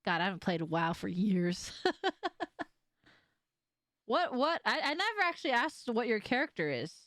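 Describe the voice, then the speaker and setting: Lively, laughing woman streamer. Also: fairly high pitch, unhurried, no room sound, studio quality. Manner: animated, laughs often, swears casually. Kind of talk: casual live game stream chat.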